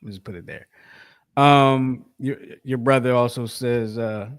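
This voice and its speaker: This sports podcast co-host speaks at a medium pitch in a smooth, steady, unhurried way. His casual talk wanders, full of restarts, repetition, and frequent filler words.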